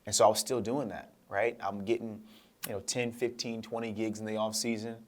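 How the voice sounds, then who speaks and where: Young guy telling his story on a podcast, low voice, acts out quotes as he goes. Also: brisk. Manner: animated storyteller acting out quotes. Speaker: guest speaker. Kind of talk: storytelling interview.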